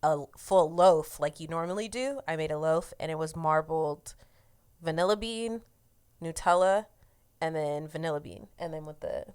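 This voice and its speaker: A woman's voice: low voice, normal speed, a little mellow, clear, resonant tone. A woman from the United States co-hosting a casual podcast, swearing freely and acting out quotes as she tells stories. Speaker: podcast co-host.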